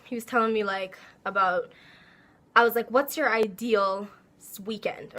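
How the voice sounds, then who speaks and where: A young woman telling a casual storytime, animated and laughing as she acts out her own quotes. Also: a little high, moderate pace. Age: young adult. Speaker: vlogger.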